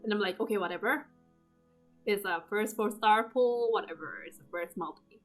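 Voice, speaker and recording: A young woman casually recapping her game summons, often jumping into high, loud squeals as she replays her own screaming. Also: normal speed. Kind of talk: casual excited commentary over gameplay. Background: game music.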